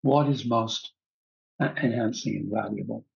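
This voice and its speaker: A man teaching a breathwork class, calmly guiding the breath and repeating key phrases. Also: fairly low pitch, normal speed, creaky, dull audio.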